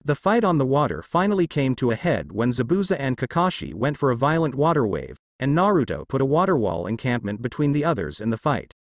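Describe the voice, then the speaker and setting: A man narrating a fanfiction story in a steady storytelling read. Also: medium pitch, brisk, few pauses, dry recording, lo-fi sound. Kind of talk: fanfiction reading.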